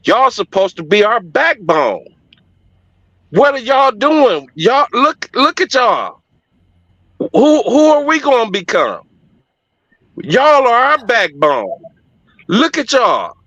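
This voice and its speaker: Man voicing fervent church women, high and pleading, brightly pitched, dull lo-fi recording. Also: very animated, takes it slowly, pauses often, no room sound, full character voice. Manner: pleading, emphatic.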